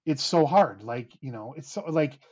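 With a mid-range, animated voice that's darkish and slightly rough, a podcast host in his thirties chats casually at normal speed. He rambles, frequently restarting and filling gaps with filler words.

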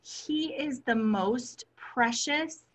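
Woman cohost gushing away, slightly high voice, lots of likes and ums. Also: extremely slow. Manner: warm, effusive, frequent "like" and "um". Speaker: podcast co-host. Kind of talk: casual chat.

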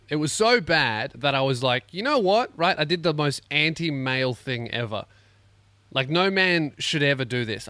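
A man's voice: medium pitch, clear, resonant tone, no echo. A man hosting a comedic solo podcast, crude and self-mocking, talking through neck pain. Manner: crude, self-mocking, animated with acted-out quotes. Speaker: podcast host.

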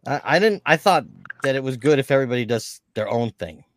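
A man's voice: medium pitch, lively intonation, fairly quick, no echo. A man chatting casually about comedy, thoughtful and rambling. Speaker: aspiring comedian. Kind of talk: casual chat.

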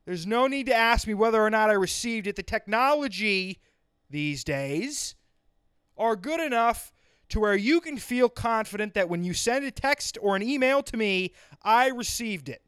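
A man's voice: high-pitched, expressive, moderate pace, a bit bright, clean tone, no room sound, studio quality. A man ranting solo on a podcast, exasperated and profane, swerving into sarcastic tangents. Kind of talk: solo comedic rant.

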